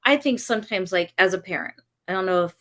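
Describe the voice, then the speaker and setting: A woman's voice: medium pitch, fast, fairly bright tone. A woman and parent talking casually in a discussion, thinking aloud with fillers.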